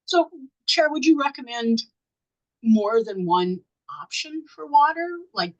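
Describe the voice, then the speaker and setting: A woman's voice: high-pitched, expressive, unhurried, highs cut off. A woman moderating a webinar Q&A, asking questions conversationally.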